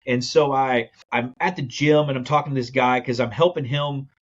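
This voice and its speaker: A land investor, appearing as a guest on a podcast, tells the story of his business in a mid-range male voice, acting out the quotes as he goes. He talks fast and animatedly, and the recording sounds muffled.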